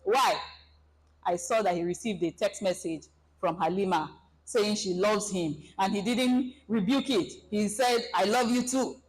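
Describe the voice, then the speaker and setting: Woman, seminar presenter, lively, dramatizes scenarios, mid-range voice. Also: medium pitch, measured pace, a little hiss or hum, poor audio. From Nigeria. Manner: animated, acts out scenarios. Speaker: relationship seminar speaker. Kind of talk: presentation talk to an audience.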